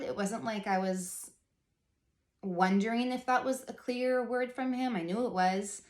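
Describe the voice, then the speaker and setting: A woman's voice: medium pitch, measured pace, a little mellow, reverberant. A woman in her thirties telling a personal faith story in a casual, rambling vlog style, full of "like" and earnest asides. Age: 30s. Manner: chatty, rambling, heavy use of "like", earnest. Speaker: faith vlogger.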